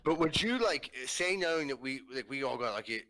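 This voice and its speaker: A man with a thick Pittsburgh accent leads casual podcast banter. His voice is mid-pitched and bright, and he swears and laughs as he stirs up debate. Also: animated, fairly quick. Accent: strong Pittsburgh. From Pittsburgh, USA. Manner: profane, laughing, provocative. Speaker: podcast host. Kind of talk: casual banter among friends.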